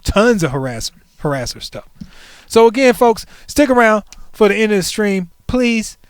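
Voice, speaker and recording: High-voiced joking stream host in his forties. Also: normal speed, clear, resonant tone, no echo, studio quality. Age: 40s. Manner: playful, joking, animated asides to chat. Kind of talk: casual livestream chat.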